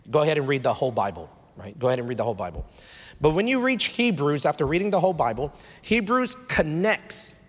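A man, pitched a bit high, preaches in a chatty way and climbs into loud, emphatic stretches. His voice rings with long reverb in a church hall. This is a live sermon recording. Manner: conversational preaching, rising to emphatic bursts. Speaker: pastor. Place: church sanctuary.

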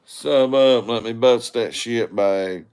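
A man's voice: medium pitch, slow pace, a little mellow, smooth. A man hosting a casual walking livestream on his phone, rambling crudely at viewers and begging for likes. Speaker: livestream host.

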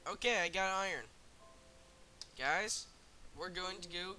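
A man hosting a gaming channel, giving excitable, chatty gameplay commentary straight to his viewers. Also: high voice, unhurried, faint music behind.

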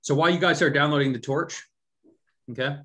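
A man walking a class through code in a live lecture. He speaks in a casual, conversational way and keeps pausing to make sure the students are following. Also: a little high, fairly even intonation, bright, forceful tone. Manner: conversational, often checks in with the class. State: has hiccups. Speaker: instructor.

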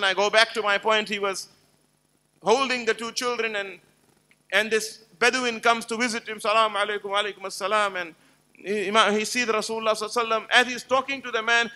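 A man's voice: high-pitched, bright, forceful tone. A man giving an emphatic religious lecture to a live gathering, telling stories and putting rhetorical questions to the audience. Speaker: Islamic lecturer.

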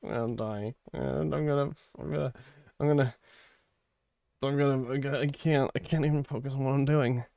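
A man live-streaming in casual chat, flustered and pleading, saying he is tired and a little high, who repeats words in bursts. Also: fairly even intonation, normal speed, creaky, dark tone, no room sound.

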